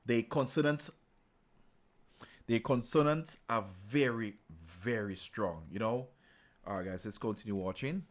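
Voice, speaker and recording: A man's voice: mid-range voice, unhurried. A man hosting a reaction video, chatting casually and affirming often as he watches. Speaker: reaction channel host.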